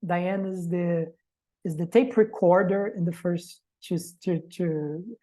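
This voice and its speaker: A woman presents to a reading group in an academic manner. Her voice sits fairly low and sounds mellow and warm. She talks reflectively, often posing questions to the group. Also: low-quality recording. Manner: reflective, poses rhetorical questions.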